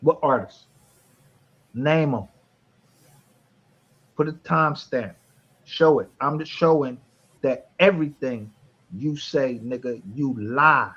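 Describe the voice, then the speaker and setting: Livestream host, husky man, profane and mocking, dull lo-fi sound. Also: medium pitch, slow, long pauses. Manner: profane, mocking, shouting with bursts of laughter. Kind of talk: heated livestream argument.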